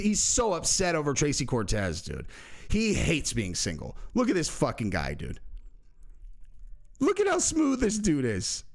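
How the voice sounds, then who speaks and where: A man hosting his own channel, talking crudely and casually, swearing and laughing at his own jokes. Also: medium pitch. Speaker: YouTube host.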